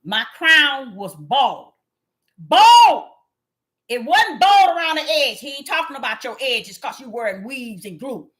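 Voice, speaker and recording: Fiery high-voiced woman preaching. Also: expressive, moderate pace, hardly any pauses. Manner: impassioned, addresses listeners as y'all, swings from low murmurs to shouts. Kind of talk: fiery street sermon.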